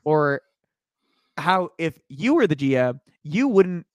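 A man's voice: a little high, sing-song, slow pace, dry recording, clean studio sound. A man co-hosting a sports podcast, talking in an easygoing, casual way and laughing often. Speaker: podcast co-host.

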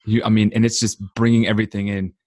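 Rambling male podcast host, low voice. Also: flat delivery, quick pace, darkish tone, no room sound, clean studio sound. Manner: rambling, many restarts and "right?" tags. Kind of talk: casual interview chat. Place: home office.

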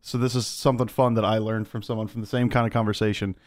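A man co-hosting a podcast, chatting casually and passing on fun facts in a relaxed way. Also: on the low side, fast talker. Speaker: podcast co-host. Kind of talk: casual chat.

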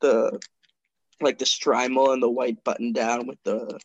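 A man's voice: medium pitch, little pitch movement, measured pace, gravelly, lo-fi sound, slight background noise. A man co-hosting a casual comedy podcast, rambling through stories with lots of filler words.

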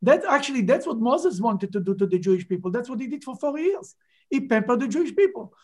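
A man's voice: extremely high pitch, quick pace, husky. Emphatic man teaching a Bible class. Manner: animated, emphatic, rhetorical questions. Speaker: rabbi teaching a Torah class.

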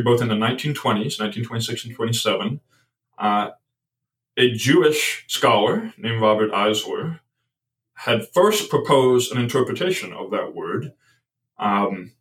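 A man of middle pitch speaks as a guest on a podcast, thinking aloud with many restarts and small hesitations. He sits a little back from the microphone, so his voice sounds slightly distant. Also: a bit bright. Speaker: guest author. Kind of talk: podcast conversation.

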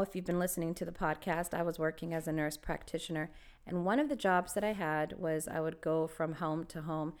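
Animated woman telling a story. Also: fairly low pitch. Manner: animated storyteller, laughs often. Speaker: podcast co-host. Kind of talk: casual storytelling chat.

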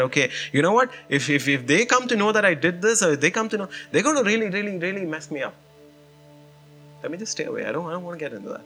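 A man preaching a sermon as pastor, telling a personal story in an animated way with lots of "you know" and "man". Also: on the high side.

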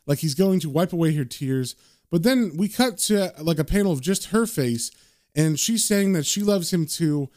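A man's voice: fairly high pitch, a little mellow. A man casually recapping a comic book, chatty and conversational.

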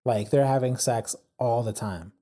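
A man's voice: mid-range voice, normal speed, warm tone. A man casually retelling a story, rambling with lots of fillers. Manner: rambling, many fillers like "like" and "yada yada". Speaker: storyteller recapping a documentary. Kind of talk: casual chat.

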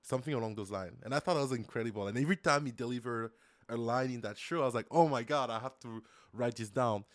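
A man's voice: mid-range voice, fast, dry recording. Brief: eager male podcast co-host, dry close mic. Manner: eager, enthusiastic, laughs often. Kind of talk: casual chat.

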